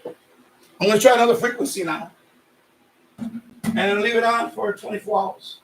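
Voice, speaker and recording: This radio hobby live streamer, a New York-raised man of Puerto Rican heritage, talks in a high register at a moderate pace, rambling and circling back over his points while sweating in the heat. There's slight background noise, echo in the room, and he sits somewhat far from the mic.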